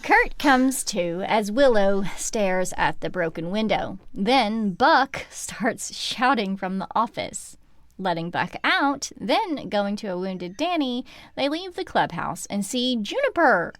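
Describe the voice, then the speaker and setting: A woman's voice: mid-range voice, big pitch swings, slow pace, dry recording. A woman co-hosting a book podcast, summarizing a horror novel with wry asides. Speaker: podcast co-host. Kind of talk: casual book recap chat.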